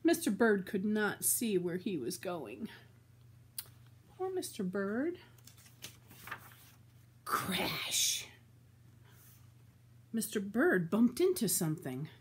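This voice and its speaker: Reading a children's storybook aloud, an older woman goes slowly and expressively, pausing to chat about the story. Her voice is medium in pitch with a breathy edge.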